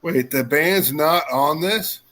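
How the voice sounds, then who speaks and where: A man co-hosting a casual podcast chat, reacting with quick jokes and giggles. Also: on the high side, sharp tone. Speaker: podcast co-host.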